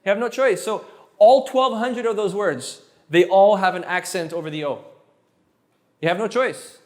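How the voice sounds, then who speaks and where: A man of French mother tongue tutoring Spanish in an energetic lesson, quick and playful, repeating words as he goes. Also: high-pitched. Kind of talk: energetic one-on-one language lesson.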